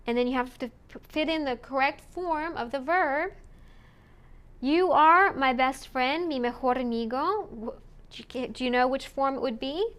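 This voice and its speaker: A woman teaching a recorded language lesson, slowly modeling words for students to repeat. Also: high voice, expressive, fairly bright tone. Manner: slow and deliberate, models words for repetition. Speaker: Spanish teacher.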